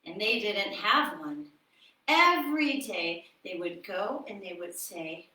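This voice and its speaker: Ballet teacher lady doing storytime for little kids, sing-songy, high voice, echoey and kinda far from the mic. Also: sing-song, unhurried, pushed and bright. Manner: playful, sing-song, instructive. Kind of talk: children's storytime with dance movements.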